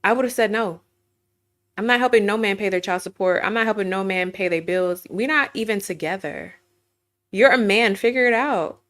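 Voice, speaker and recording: A woman hosts an opinion commentary to camera, emphatic and sassy, firing off rhetorical questions. Her voice is medium-pitched and fairly bright at a normal speed, picked up by a webcam while she screen shares.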